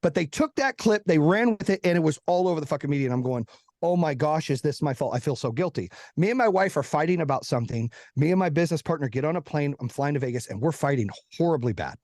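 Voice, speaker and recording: A man's voice: fairly high pitch, lively intonation, darkish tone, dry recording, studio quality. A man, a podcast guest, tells a long personal story in casual, profane talk and acts out the quotes of the people in it. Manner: profane, fast-moving anecdote with acted-out quotes.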